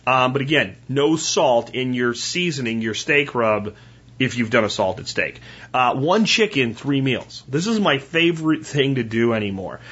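Husky man giving folksy cooking tips. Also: medium pitch, expressive, measured pace, a bit bright, lo-fi sound. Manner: folksy, rambling, addresses listeners as folks and guys. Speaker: home cooking teacher. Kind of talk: casual cooking talk.

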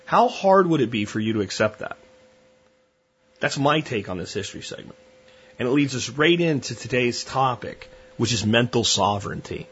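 Man, podcast host, blunt, opinionated, rambling analogies, husky voice, dull lo-fi audio. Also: mid-range voice, lively intonation, normal speed, fairly bright tone. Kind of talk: solo podcast monologue.

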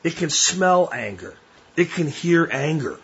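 A man's voice: a little high, big pitch swings, a little slow, husky, highs cut off. A man hosting a podcast, talking bluntly and plainly in a casual monologue. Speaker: podcast host.

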